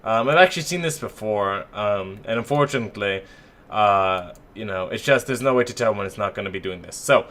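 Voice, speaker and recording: A man's voice: fairly low pitch, fairly quick, fairly bright tone. A man casting a live esports match and talking to his stream viewers, chatty and joking at his own expense. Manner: joking, self-mocking, chatty.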